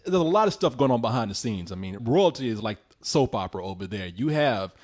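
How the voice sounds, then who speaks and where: A man's voice: mid-range voice, sing-song, brisk, darkish tone. A man co-hosting a casual film review podcast, with laid-back, profane, laughing banter. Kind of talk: casual chat.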